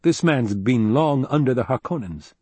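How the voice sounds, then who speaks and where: A man voicing a grim, commanding male duke in an audiobook, measured and pressing. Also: medium pitch, animated, mellow, slightly rough, no echo. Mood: firm, probing. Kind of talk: audiobook character reading.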